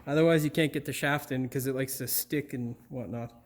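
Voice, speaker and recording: A man's voice: medium pitch, fairly even intonation, brisk, background noise. A male mechanic giving a casual car repair tutorial, chatty and joking with a crude edge.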